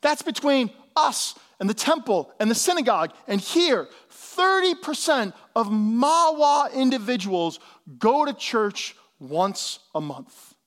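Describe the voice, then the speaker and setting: A man's voice: very high voice, very animated, takes it slowly, a bit bright. A male pastor giving a sermon in a casual, conversational way, with slangy asides.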